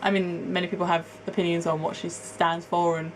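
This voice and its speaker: A woman's voice: fairly low pitch, level tone, brisk, a little hiss or hum, rough recording. A young woman from England chatting to camera as a vlogger, rambling and laughing at herself. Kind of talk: casual chat to camera, answering a tag.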